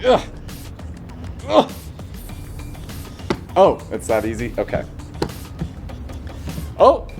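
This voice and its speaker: Animated male kids' show host. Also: mid-range voice, drawn-out words, vocal fry, long pauses, music in the background. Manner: animated, playfully bewildered. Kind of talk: comic children's show hosting.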